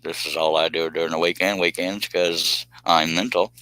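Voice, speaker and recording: Man, low and bright-edged, dry close sound; a joking, rambling streamer talking to his viewers. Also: fairly even intonation, moderate pace, no room sound, rough recording. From United States. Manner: rambling and joking, drifting into tangents. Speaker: live streamer. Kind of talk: casual live-stream chat with viewers. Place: home streaming space.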